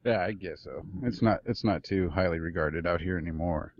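A man co-hosting a podcast, trading relaxed banter and laughing often over a remote call. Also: low voice, normal speed, dull audio. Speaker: podcast co-host. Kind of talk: casual chat.

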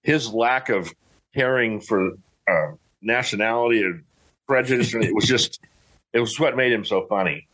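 A man's voice: mid-range voice, moderate pace, a bit bright. A middle-aged man talking in a casual, rambling, folksy way with frequent restarts. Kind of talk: casual chat.

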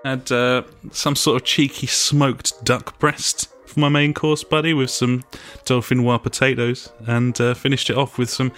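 A man co-hosting a podcast, talking in a relaxed, chatty way and savoring each detail. His voice sits in a mid range. Faint music plays softly underneath. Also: mid-range voice, a little slow, few pauses. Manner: chatty, relishing description of a meal. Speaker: podcast co-host. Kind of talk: casual chat.

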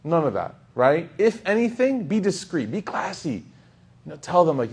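A man giving a casual sermon to a live audience, talking in a relaxed, conversational way, repeating lines for emphasis, often asking "right?" and quoting Arabic scripture. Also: a little high, normal speed, breathy edge. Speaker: Islamic preacher.

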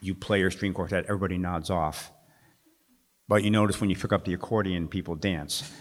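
A male author reading his fiction aloud at a live festival event and then talking about his craft in a wry, chuckling way with halting restarts. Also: low voice, steady tone. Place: festival stage.

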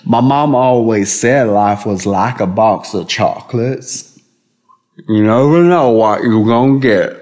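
A man voicing a slow, simple-minded Southern man reciting a famous movie line. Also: fairly low pitch, darkish tone. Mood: earnest.

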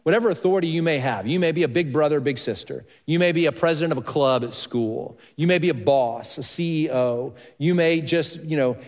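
Male pastor, sermon, slightly high voice, long hall reverb, asks the congregation questions. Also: brisk, hardly any pauses. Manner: expressive preaching with questions to the congregation.

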